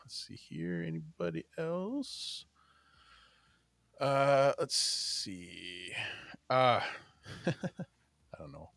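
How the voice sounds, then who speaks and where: A man's voice: medium pitch, very animated, extremely slow, creaky, long pauses, fairly bright tone, dry recording, clean studio sound. A man hosting a podcast in casual chat, joking, rambling with fillers and laughing often. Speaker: podcast host.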